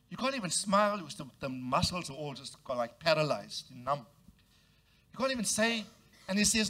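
A man's voice: very animated, normal speed, fairly bright tone. A man preaching a sermon, leading his congregation to repeat phrases and acting out the voices of the people in the story. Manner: acts out quoted voices with big jumps in pitch. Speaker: pastor.

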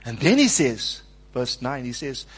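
With a breathy edge to his medium-pitched voice, a preacher speaks a little slowly through an animated sermon. He acts out quoted speech and has the congregation repeat after him.

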